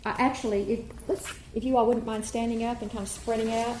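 A woman choir director leads a workshop, talking through posture and warm-ups and breaking into sung vowels to demonstrate. Her voice sits a little high and sounds mellow and soft-edged. The room is echoey, with a faint hum of ambience behind her. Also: fairly even intonation, brisk.

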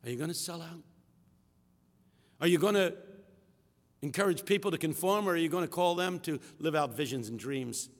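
A man preaching a sermon with call-and-response rhythm, swinging from shouts to hushed tones in a large hall. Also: fairly high pitch, normal speed, long pauses. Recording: echoey hall reverb.

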